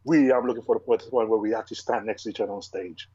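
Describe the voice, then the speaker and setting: Young male bodybuilder guest, husky voice, rapid emphatic delivery, dull lo-fi recording. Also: fairly low pitch, steady tone, warm tone, dry recording. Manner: fast, driven and emphatic, with many restarts. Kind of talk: casual interview chat.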